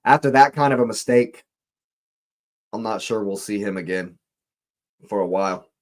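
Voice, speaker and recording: A man hosting a live football watch-along, reacting to the match in disbelief and repeating his phrases. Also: lowish voice. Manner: exasperated, repeats phrases, slow deliberate delivery.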